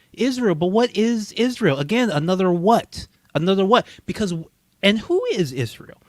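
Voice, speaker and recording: A man's voice: high-pitched, dry recording. Man putting on a rambling progressive speaker, buzzword-heavy, sing-song swoops, dry close sound. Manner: sing-song, repetitive political jargon with swooping rises.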